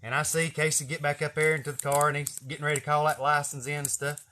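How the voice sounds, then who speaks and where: A man's voice: a little high, level tone, fast, pushed and bright, slight background noise. A man, telling a funny story in a casual, profane, folksy way.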